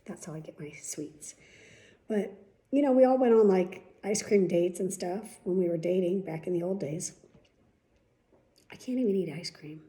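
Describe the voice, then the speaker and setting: Chatty, cussing woman with a mellow voice. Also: mid-range voice. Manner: chatty, profane, rambling storyteller. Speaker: vlog host. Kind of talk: casual chat.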